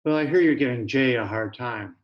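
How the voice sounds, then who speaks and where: A man's voice: mid-range voice, fairly quick, lo-fi sound, lightly acted. A man reading as a frail, whispery old father. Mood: weary. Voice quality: whispery, scratchy. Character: frail, sick elderly father, weary.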